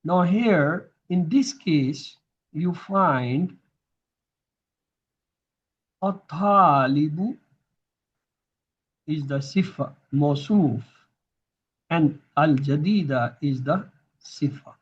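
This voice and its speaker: A man's voice: on the high side, extremely slow, long pauses, slightly rough, dull audio. A man teaching grammar in a recorded lesson, patiently repeating each term so students can drill it.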